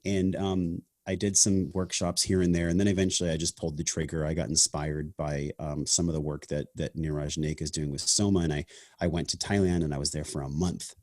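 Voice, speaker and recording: A man's voice: a bass voice, flat delivery, brisk, a little mellow, no echo, clean studio sound. A man hosting a podcast, speaking in a reflective, earnest and casual way, often saying "man" and "like". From half Sicilian family heritage. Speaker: podcast host. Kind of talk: casual conversation.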